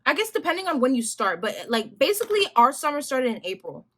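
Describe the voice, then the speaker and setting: A young adult woman vlogger telling a story in a casual, animated, slangy way, addressing viewers directly. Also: high-pitched, fast.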